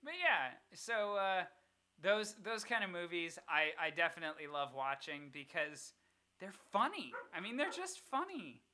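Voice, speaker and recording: Young podcast cohost, chatty, bright voice, swoopy animated storytelling. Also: mid-range voice, a little slow, slight background noise. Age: young adult. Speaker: podcast co-host. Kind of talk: casual chat.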